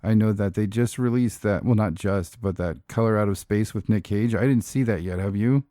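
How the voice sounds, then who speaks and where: A man's voice: lowish voice, normal speed, dark tone, no room sound, studio quality. A man co-hosting a podcast in casual chat, joking and swearing freely. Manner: profane, jokey, laughs often. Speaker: podcast co-host.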